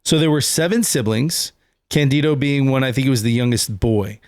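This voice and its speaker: Gravelly, dry-voiced podcast host. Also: male voice, medium pitch, moderate pace, a little mellow, no room sound. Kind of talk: casual chat. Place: small studio. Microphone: studio mic with headphones.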